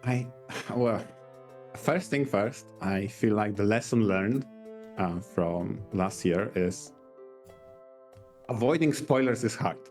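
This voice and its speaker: A man co-hosting a podcast, talking earnestly in a casual, halting way and restarting his sentences. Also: lowish voice, a little mellow, faint music behind. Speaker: podcast co-host.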